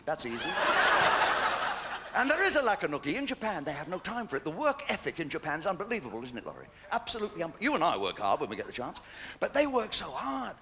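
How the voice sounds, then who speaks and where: A man's voice: sits high, heavy background noise. An English man in his sixties doing live stand-up comedy, chatty and cheeky with well-timed punchlines, on stage at a large venue.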